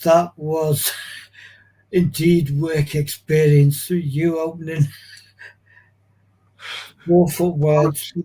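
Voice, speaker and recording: Slow-talking scouse host, husky voice, dry short replies. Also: male voice, a little high, little pitch movement, mellow. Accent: Liverpool. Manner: dry, brief reactions. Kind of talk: casual chat.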